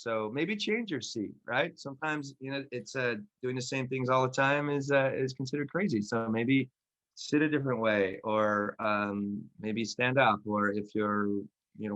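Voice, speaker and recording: A man's voice: medium pitch, fairly bright tone, highs cut off. Man, podcast co-host, casual chat, rambling, self-correcting, laughs at himself. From Philadelphia. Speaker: podcast co-host and class teacher. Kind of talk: casual chat, then guided grounding practice.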